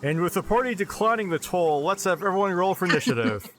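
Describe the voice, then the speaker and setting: A man's voice: high-pitched, lively intonation, quick pace, slight background noise. A man running a tabletop game as game master, describing scenes with brief asides.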